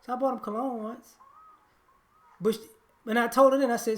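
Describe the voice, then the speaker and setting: A man's voice: very high voice, flat delivery, brisk, long pauses. A man giving a blunt, preachy monologue on relationships, often repeating and restarting his words. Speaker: relationship commentator.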